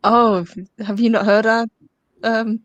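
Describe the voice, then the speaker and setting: A woman chats as a guest on a casual live stream. Her voice is slightly high and sounds dry and close. She chimes in with short remarks and laughs often. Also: flat delivery, slow, no echo, highs cut off. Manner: supportive, laughs a lot, short interjections. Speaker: co-host guest.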